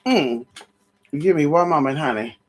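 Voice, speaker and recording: A tired, sweaty vlogger preaching a profane, sermon-style rant to viewers, calling them honey and girl, stammering restarts, shouting ow, and reading scripture slowly and dramatically. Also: medium pitch, animated, a little hiss or hum. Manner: sassy, calls listeners honey and girl.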